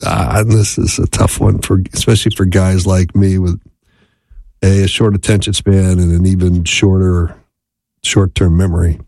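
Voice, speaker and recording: A man's voice: low voice, level tone, moderate pace, a little mellow, no room sound. A man giving a conversational talk on listening in marriage, often checking in with the listener. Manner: conversational, repeats "right?" to check in. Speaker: marriage teacher. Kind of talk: instructional talk.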